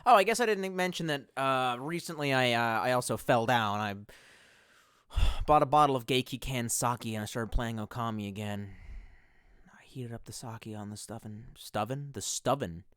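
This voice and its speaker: A man's voice: mid-range voice, moderate pace, a bit bright, clean tone, no echo, studio quality. A man chatting casually and profanely on a livestream, rambling from one thought to the next with self-mocking asides. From United States. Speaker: streamer.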